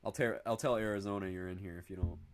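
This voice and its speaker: A young streamer from northern Indiana chats casually on a livestream, reading viewer comments and rambling excitably. His voice is low-pitched and fast, and he swears a lot and says "bro" constantly.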